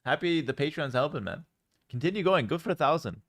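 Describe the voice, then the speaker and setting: A young man from Canada reading and answering chat questions on a casual livestream from home, relaxed and rambling, with lots of ums and repeated words. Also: fairly high pitch, fairly quick.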